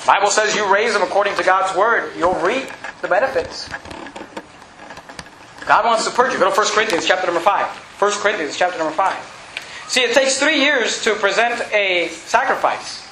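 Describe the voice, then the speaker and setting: A male pastor preaching an emphatic, shouting sermon in a church. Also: high voice, normal speed, echoey room, slight background noise, rough recording. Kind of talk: fiery sermon.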